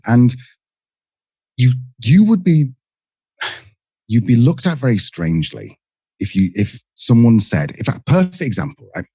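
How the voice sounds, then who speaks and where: A middle-aged British man with a low, dark, husky voice chats as a podcast guest. His pitch swings widely as he tells stories and acts out little quoted exchanges, and the dry recording keeps him close. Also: dry recording. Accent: British English. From England. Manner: lively storyteller who acts out quoted exchanges. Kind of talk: casual conversational interview.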